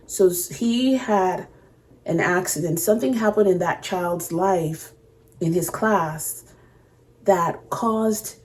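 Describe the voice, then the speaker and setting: A woman hosting a reaction video, talking to camera in a halting, emotional way, often stopping to search for words. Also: lowish voice, darkish tone. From Canada. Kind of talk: reflective casual talk to camera.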